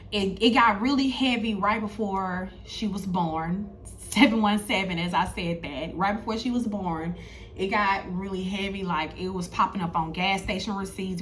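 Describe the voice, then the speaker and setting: Woman, thirties, storytelling vlog, chatty, repeats herself, middle pitch, faint ambience. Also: fairly bright tone, a little hiss or hum. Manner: chatty, addresses viewers directly, repeats herself. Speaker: spiritual content creator.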